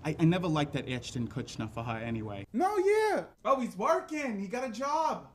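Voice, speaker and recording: A man playing a loud, bossy middle-aged Italian mother in a comedy sketch, nagging and yelling across the house. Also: high voice, huge pitch swings, normal speed.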